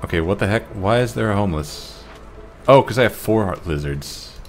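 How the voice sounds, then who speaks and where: Deep-voiced man muttering over gameplay. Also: animated, a little fast, a little hiss or hum. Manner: muttering to himself, wry and self-mocking. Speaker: gameplay commentator. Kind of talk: casual let's-play commentary.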